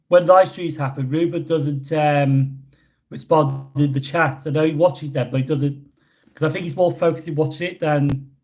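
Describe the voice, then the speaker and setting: A British man casually chatting with his livestream audience and answering chat questions, rambling with many pauses. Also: a little high, a little mellow. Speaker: livestream host reading chat. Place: indoors, hotel room.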